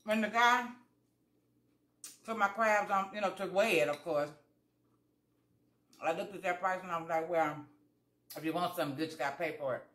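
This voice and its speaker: A woman vlogger speaks at normal speed with a lowish, fairly bright voice, leaving long pauses, in a reverberant room. She eats and chats casually with viewers, telling folksy stories and acting out both sides of conversations.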